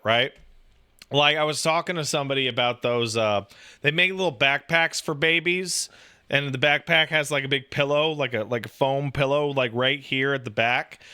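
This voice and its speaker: A man in his thirties chatting casually about raising a baby, profane and animated, full of "like" and restarts. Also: a little high, clean tone. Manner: profane, animated storytelling with lots of "like". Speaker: podcast talker, new father. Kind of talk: casual chat.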